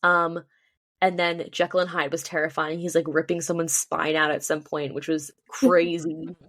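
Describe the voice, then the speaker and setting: Chatty young woman, lowish dry voice. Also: little pitch movement, normal speed, a bit bright, no room sound. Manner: chatty, many ums and likes, enthusiastic. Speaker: podcast co-host. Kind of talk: casual chat.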